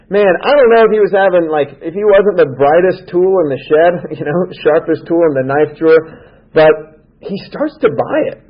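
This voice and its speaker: A man's voice: on the high side, normal speed. A man speaking at a recovery meeting, telling a humorous personal story and acting out his own dialogue in a wry way. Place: club meeting room. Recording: dull lo-fi meeting recording.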